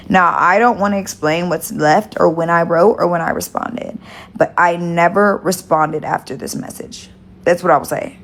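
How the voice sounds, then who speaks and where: A woman's voice: on the low side, fairly even intonation, a little fast. A woman hosting a livestream, telling a story to her viewers in a rambling, gossipy way, swearing and stressing her words. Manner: gossipy, profane, emphatic swearing. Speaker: livestream host.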